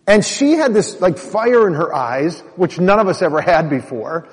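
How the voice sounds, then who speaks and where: A man's voice: high-pitched, lively intonation, moderate pace, hardly any pauses. A man from Minnesota giving an earnest personal testimony to an audience, talking to the crowd directly. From Minnesota, USA. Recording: long hall reverb.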